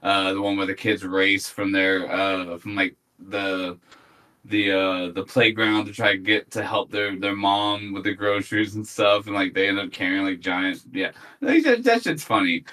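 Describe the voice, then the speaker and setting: A man's voice: deep voice, normal speed, bright, forceful tone. A man from Louisiana chatting casually on a podcast, rambling with fillers and restarts. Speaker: podcast co-host. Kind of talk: casual chat.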